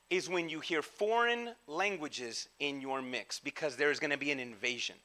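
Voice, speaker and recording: Man, pastor, casual slangy sermon, high voice, very bright tone. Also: moderate pace. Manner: casual, slangy, animated, with frequent restarts. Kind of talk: conversational sermon.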